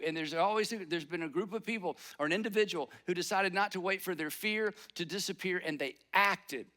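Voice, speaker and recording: A man's voice: high voice, pushed and bright. A man preaching a conversational sermon, acting out little bits of inner dialogue as he goes. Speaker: pastor.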